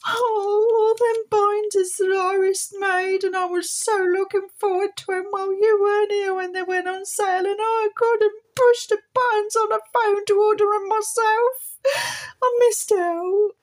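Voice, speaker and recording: A tiny female wallet character with a very high, squeaky voice, voiced by a woman. She gushes and whimpers like a sweet, sensitive toy, loud and bright. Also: fairly even intonation, a little slow. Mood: weepy. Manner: high, squeaky, weepy and gushing.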